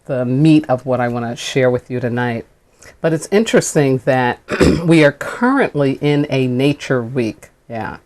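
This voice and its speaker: Low-voiced woman hosting spiritual talk. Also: darkish tone. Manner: earnest, reverent, emphatic when reading aloud. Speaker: host and spiritual teacher. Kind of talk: spiritual radio talk with reading aloud and prayer.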